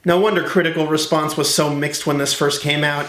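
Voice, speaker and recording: A man co-hosting a film review with wry enthusiasm. His voice is high and bright. The room adds a noticeable echo. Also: flat delivery, fairly quick. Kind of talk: scripted review commentary.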